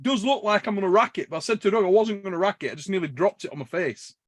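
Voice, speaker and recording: A man with a notably high voice tells a long gym story in loose, profane podcast chat. He laughs through his own lines, and the sound is close and dry. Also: fast talker, no room sound. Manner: animated, swears a lot, laughs while telling stories. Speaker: podcast host.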